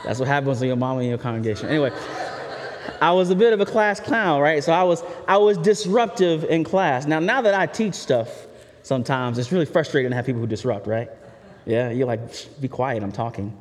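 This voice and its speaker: A man's voice: on the high side, lively intonation, brisk, slight background noise. A man preaching a sermon in a candid, conversational way, often turning to the listeners with asides. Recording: reverberant hall.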